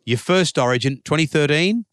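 A man's voice: a little high, lively intonation, moderate pace, fairly bright tone, smooth, no room sound, clean studio sound. A man hosting a sports talk show, prompting his guest with questions and short agreeing replies. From Australia. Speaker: podcast host. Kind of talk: casual interview chat.

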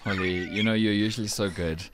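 A man with a South African accent hosting a breakfast radio show, teasing his co-hosts with wry, quick jabs in a studio. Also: fairly low pitch, steady tone, noisy background. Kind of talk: casual radio banter.

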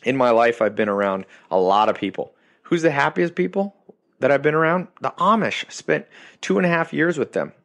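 A man's voice: medium pitch, animated, brisk, fairly bright tone, no room sound. Emphatic man giving a motivational talk. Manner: emphatic, punchy, repeats key phrases. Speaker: podcast host. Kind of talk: motivational monologue.

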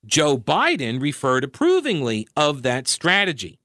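A man's voice: fairly high pitch, huge pitch swings, a little slow, fairly bright tone, dry recording, studio quality. Sarcastic male talk radio host. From New York. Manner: sarcastic, conversational, with asides and self-corrections. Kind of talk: opinionated political talk radio monologue.

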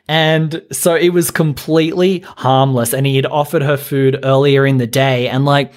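A man's voice: mid-range voice, normal speed, few pauses. A man hosting a podcast, chatting casually in a rambling, profane way while retelling scenes. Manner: rambling, profane, animated retelling with quoted voices. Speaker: podcast host. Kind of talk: casual chat.

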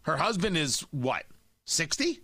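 Male talk radio host, animated and opinionated, tight dry studio sound. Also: a little high, a little slow, no room sound.

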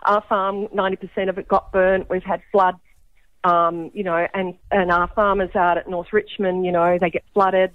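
A woman's voice: on the low side, level tone, moderate pace, no room sound, narrow, tinny audio. An Australian woman, a co-op founder, explaining her work as a radio guest in a chatty way with many ums. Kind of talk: radio interview.

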